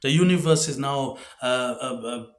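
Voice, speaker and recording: A man rambling through a loose monologue, ending phrases on a quiet, low "mate.". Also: moderate pace, reverberant. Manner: rambling, drops pitch and volume on tag words like "mate". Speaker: video host.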